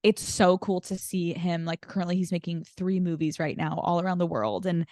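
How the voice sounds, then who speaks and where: A woman chatting as a podcast guest, rattling off stories and slipping into little voices for the people she quotes. Her voice sits a bit low for a woman, and it is recorded close and dry with no room sound at all. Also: brisk, dry recording. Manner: animated storyteller acting out quotes. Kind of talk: casual chat.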